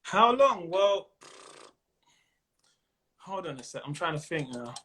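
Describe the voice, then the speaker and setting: A man's voice: a little high, sing-song, slow, pushed and bright. A man with a London accent chatting casually and jokily as a comedian guest on a video call, full of slang. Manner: slangy, jokey, laughs often. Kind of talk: casual chat.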